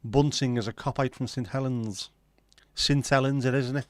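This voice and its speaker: A man's voice: mid-range voice, fairly even intonation, moderate pace, no room sound. A man hosting a casual livestream, chatting and bantering loosely with plenty of swearing while reading viewer comments. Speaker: livestream host.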